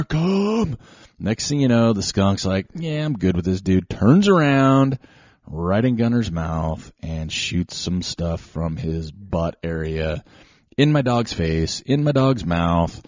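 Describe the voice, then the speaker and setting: Low husky man telling a rambling story. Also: dry recording. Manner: rambling, self-deprecating, animated anecdotes. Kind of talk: casual storytelling monologue. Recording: slightly dull lo-fi recording.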